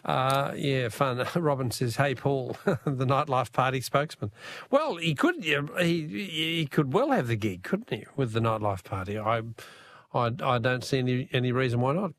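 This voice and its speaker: A man's voice: medium pitch, expressive, moderate pace. A man with an Australian accent hosting talkback radio, chatty and joking with callers. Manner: chatty, laughs often, friendly banter.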